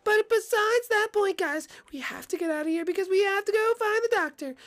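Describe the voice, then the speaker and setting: Woman voicing a bossy princess, very high, quick, host of game role-play. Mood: upbeat. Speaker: channel host. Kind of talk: Minecraft role-play video.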